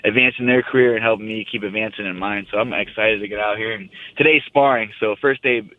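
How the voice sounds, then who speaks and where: A man's voice: fairly low pitch, steady tone, fast talker, no room sound. Young man rambling over a tinny phone. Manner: rambling, laid-back storytelling. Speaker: fighter calling in. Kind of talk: casual phone interview.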